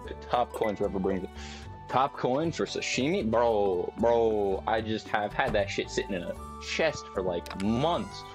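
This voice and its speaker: Young man, low voice, profane, rambling, faint background music. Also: lively intonation, unhurried. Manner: profane, rambling, talks to himself. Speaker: streamer. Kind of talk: casual gameplay commentary. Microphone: desk mic with webcam.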